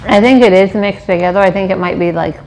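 A woman's voice: mid-range voice, fast, a little mellow, slight background noise, poor audio. A woman chatting casually while taste-testing snacks, with short murmured reactions, now and then reading labels aloud. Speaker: co-host tasting snacks.

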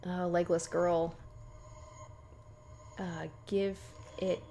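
Being chased in a horror game, a young streamer panics and jumps, muttering to herself and reading on-screen text aloud. Her voice is lowish, level, extremely slow and mellow, with a little hiss or hum behind it.

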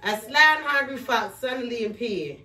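A woman's voice: a little high, animated, normal speed, sharp tone. A woman reading a picture book aloud to her children in a playful way, stopping to quiz them. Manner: playful, stops to quiz the kids. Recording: echoey room, distant mic.

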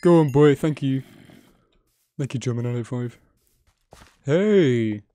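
A young man giving casual gameplay commentary, excitable and swearing often, chatting to his in-game animals. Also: mid-range voice, slow, a little hiss or hum. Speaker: gaming video creator. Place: home editing room.

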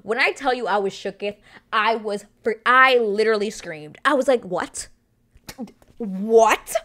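A woman's voice: on the high side, moderate pace, sharp tone. A woman hosting a casual TV recap, chatty and gushing, with plenty of fillers. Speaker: show recap host.

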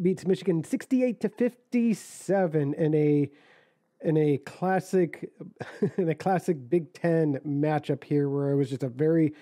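A man's voice: fairly high pitch, mellow, no room sound, studio quality. A man co-hosting a casual sports podcast, recapping game stats with frequent restarts. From Ohio. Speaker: podcast co-host.

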